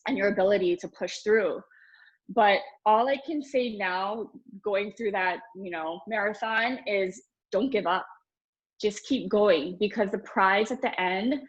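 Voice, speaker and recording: A woman's voice: mid-range voice, rough recording. Earnest, nervous woman sharing on a call. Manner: earnest, repeats key phrases for emphasis. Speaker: new Pro 6 team member sharing on a call. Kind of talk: motivational sharing on a group call.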